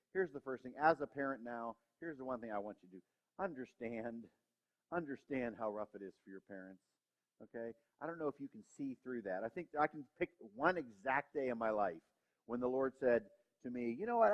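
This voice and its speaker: A male pastor giving a sermon in a church, self-deprecating and acting out the voices in his head. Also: medium pitch. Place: church sanctuary. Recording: reverberant hall, dull lo-fi sound.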